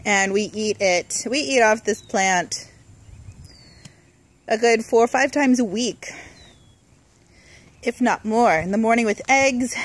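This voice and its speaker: Young woman, slightly high voice, casual garden vlog, relaxed and chatty, outdoors, handheld camera. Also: a little hiss or hum. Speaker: home gardener, channel host. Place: outdoors in a home garden and greenhouse.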